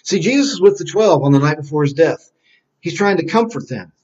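A man's voice: a little high, animated, a little mellow. A man teaching a Bible lesson to children, quizzing them and repeating key phrases in call-and-response. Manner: quizzing, answering his own questions slowly; repetitive call-and-response drilling. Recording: dull lo-fi recording.

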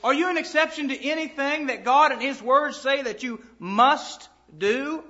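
High bright-voiced preacher, lo-fi sermon. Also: male voice, moderate pace. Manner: emphatic, quoting scripture in King James wording. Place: church assembly.

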